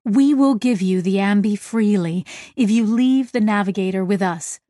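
A woman voicing a calm, diplomatic female translator aboard a ship. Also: mid-range voice, moderate pace, no echo, clean studio sound, lightly acted.

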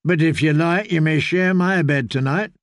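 A man's voice: fairly high pitch, moderate pace, no echo, close to an everyday voice. A man voicing a drowsy, playful young noblewoman who teases her guest. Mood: sleepy teasing. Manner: playful, coquettish.

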